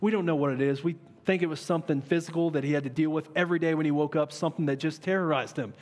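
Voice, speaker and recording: Animated high-voiced man preaching in a hall. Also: rapid-fire. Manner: conversational and animated, with rhetorical questions. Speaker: pastor. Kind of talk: sermon. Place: large church hall. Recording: long reverb of a church hall.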